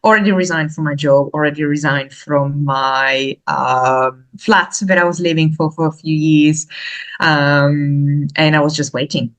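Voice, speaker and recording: A woman from Slovakia speaks English, her voice sitting a little low for a woman. She tells her story as a podcast guest in a casual, animated way, breaking into laughter often. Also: measured pace, rough recording.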